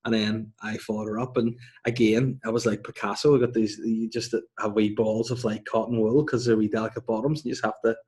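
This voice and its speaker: Podcast host guy, bit low voice, rambly and self-mocking, just chatting. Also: level tone, brisk, hardly any pauses, a little mellow. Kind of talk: casual chat.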